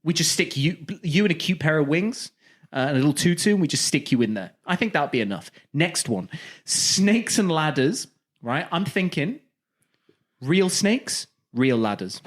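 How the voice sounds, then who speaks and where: Animated man pitching wild ideas. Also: moderate pace. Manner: animated, jokey, pitches wild ideas with mock-salesman bravado. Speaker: podcast co-host. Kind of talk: casual comedic chat.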